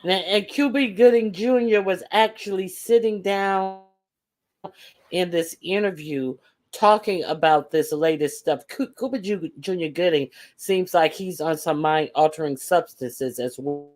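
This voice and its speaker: A woman's voice: lowish voice, a little slow, a little mellow. A woman in casual chat, blunt and opinionated.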